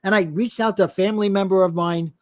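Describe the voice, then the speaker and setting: Speaking quickly in a high voice, a middle-aged man who coaches in life and business recounts a personal story on a podcast interview. He's animated, performing the quoted voices of the story's characters.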